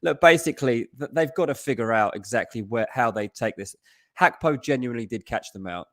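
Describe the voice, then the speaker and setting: A man talking football transfers as a podcast guest, chatty, with quick asides and many restarts. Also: medium pitch, fairly bright tone. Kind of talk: casual podcast chat.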